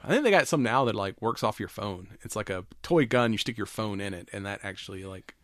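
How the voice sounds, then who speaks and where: A man's voice: on the low side, animated, brisk, a bit bright, no echo, studio quality. A man co-hosting a podcast, casually recapping a holiday movie with plenty of swearing and laughter. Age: adult, has kids. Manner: retells scenes with quoted character lines, swears freely, laughs often. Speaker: podcast co-host.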